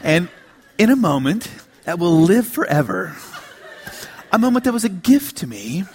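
A male pastor with a high, lively voice that swoops up and down as he preaches. He tells stories with humor, dropping to quiet asides and rising into emphatic lines. He sounds middle-aged. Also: moderate pace, breathy edge. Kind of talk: sermon.

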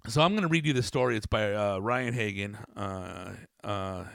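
Gravelly-voiced man reading news casually. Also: fairly low pitch, moderate pace, fairly bright tone, no room sound, clean studio sound. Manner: rambling, swears a lot, reads aloud with stumbles. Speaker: podcast host reading news. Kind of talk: casual profane news commentary.

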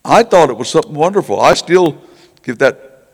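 A man's voice: on the high side, big pitch swings, normal speed. An older man preaching in a folksy storytelling way, stammering and repeating words as he acts out the people in his stories. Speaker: preacher telling revival stories. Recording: church hall reverb.

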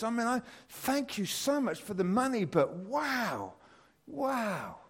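A British man in his fifties tells a personal story during a church talk. His delivery rambles with frequent fillers and restarts, and his voice lifts with excitement. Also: high voice, slow, husky. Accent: British English. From Britain. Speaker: church speaker.

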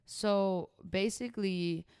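A young woman in her early twenties, talking as a guest on a casual podcast. Her voice sits at a middle pitch and sounds smooth and clear. She tells her story animatedly and fills it with "like" and "you know". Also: takes it slowly, a little mellow. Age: young adult, about 21.

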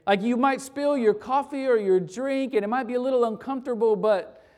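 This pastor's voice is medium in pitch, a little mellow and a bit fast. During a conversational sermon he shares an anecdote and closes in prayer, restarting phrases again and again.

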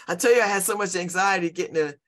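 A woman in her fifties hosts a show, chatting casually and rambling, laughing often and repeating herself. Her voice is fairly low and she talks fairly quickly.

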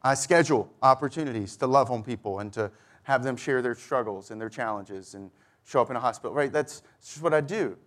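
A man's voice: medium pitch, brisk, fairly bright tone. A middle-aged man preaching a sermon, telling a personal story and acting out both sides of each conversation. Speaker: pastor.

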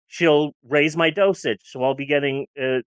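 A woman's voice: low-pitched, fairly even intonation, normal speed, smooth, no room sound. Candid woman in her forties, dry sound. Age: 40s. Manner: candid, rambling, with frequent restarts. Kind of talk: casual podcast chat.

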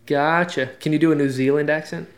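A man's voice: on the high side, fairly even intonation, brisk. A man hosting a podcast, asking questions with curiosity and answering "gotcha" and "interesting". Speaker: podcast host.

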